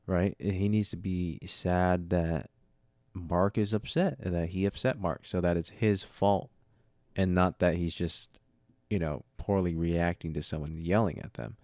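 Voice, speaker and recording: On his own casual podcast, a drowsy man wanders through talk of script writing, yawning and chuckling at his jokes. He speaks unhurriedly in a low, slightly mellow voice with fairly even intonation, captured in clean, echo-free studio quality via a studio mic and audio interface.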